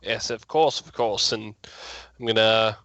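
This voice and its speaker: A man's voice: lowish voice, steady tone, a little slow, gravelly, a bit bright, lo-fi sound. A man playing in a tabletop game, speaking politely in character. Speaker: player.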